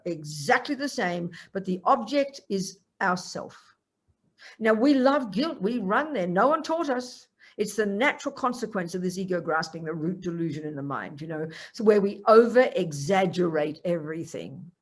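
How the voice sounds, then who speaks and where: Animated older woman teaching. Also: medium pitch. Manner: animated, acts out quoted voices. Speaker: Buddhist nun teacher. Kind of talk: Dharma talk to a group.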